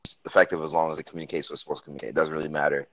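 A man's voice: extremely low pitch, flat delivery, racing, fairly bright tone, no room sound. A man co-hosting a sports podcast, talking things through in a thoughtful, rambling way. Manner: thoughtful, rambling, curious questions. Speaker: podcast co-host. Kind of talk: casual sports chat. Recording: dull, dry sound.

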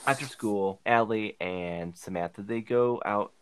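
A man's voice: on the low side, measured pace, noisy background. A man co-hosting a casual movie review podcast, retelling the plot with lots of fillers. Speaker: podcast co-host.

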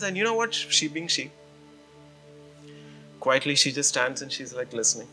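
Bright-voiced male pastor telling a story. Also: high voice, quick pace, soft background music. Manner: animated storytelling, frequent "you know" and "man". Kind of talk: sermon.

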